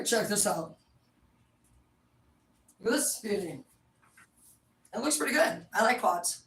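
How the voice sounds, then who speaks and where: A woman's voice: medium pitch, lively intonation, takes it slowly, pauses often, a bit bright. Profane rambling woman in an echoey room. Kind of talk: casual rambling storytelling. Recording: echoey room, mic at a distance.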